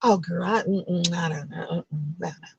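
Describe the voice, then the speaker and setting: A woman's voice: very high voice, completely flat delivery, mellow, lo-fi sound, slight background noise, pitched above the performer's own voice. A woman doing a gossiping girlfriend. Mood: gossipy, doubtful. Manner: quick, hesitant gossip. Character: gossiping young woman friend, doubtful.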